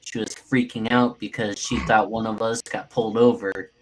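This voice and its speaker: Lower-voiced man in casual chat. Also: little pitch movement, normal speed, a little hiss or hum, rough recording. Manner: rambling, hesitant with fillers.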